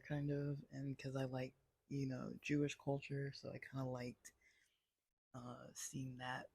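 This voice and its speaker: A man's voice: mid-range voice, vocal fry, breathy edge, no echo. A man casually reviewing a movie, rambling with many fillers and restarts. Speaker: channel host.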